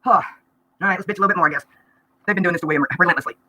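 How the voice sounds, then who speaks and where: A woman, venting bluntly and rapidly during a live-stream vlog, breaking into laughter now and then. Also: fairly low pitch, sharp tone. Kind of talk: rambling live-stream rant.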